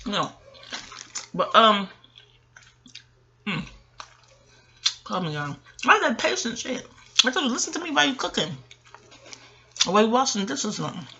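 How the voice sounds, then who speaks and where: A woman's voice: a little high, big pitch swings, moderate pace, pauses often, pushed and bright. A woman giving a casual, rambling review of a reality TV episode, chatty and profane, with frequent asides to the listener. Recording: faint background noise.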